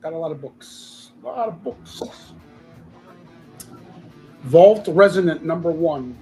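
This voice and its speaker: Taking his time, an expressive auction seller with a fairly high, slightly mellow voice runs a loose, jokey live sale of comic books, calling out prices. He's stuffed up from a sinus infection and keeps clearing his throat, with faint guitar music behind him on a low-quality recording.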